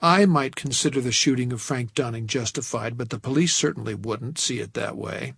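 A man narrating an audiobook in a wry, measured storytelling manner, recorded close to a studio microphone. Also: medium pitch, creaky, fairly bright tone, slightly rough, dry recording.

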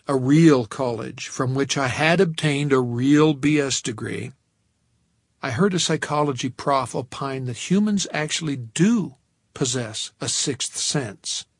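Guy reading an audiobook, dry wry delivery, a bit breathy, mid pitch. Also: no echo. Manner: wry, measured storytelling. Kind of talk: audiobook narration.

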